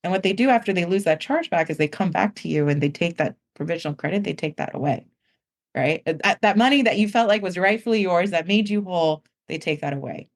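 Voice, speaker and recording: Chatty woman explaining, low-ish voice. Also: lively intonation, quick pace. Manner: casual, heavy use of "like", acts out customers' words. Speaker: guest, company founder. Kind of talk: conversational explanation.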